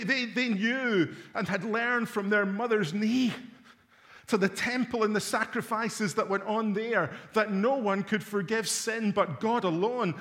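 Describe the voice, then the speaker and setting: A man preaching a sermon, dramatic, swinging from loud emphatic lines to hushed low ones.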